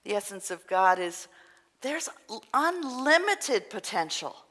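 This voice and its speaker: A woman minister giving an earnest, gentle sermon, sometimes dropping to a soft, breathy near-whisper. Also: mid-range voice, sing-song, takes it slowly. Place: church sanctuary. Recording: long reverb of a hall.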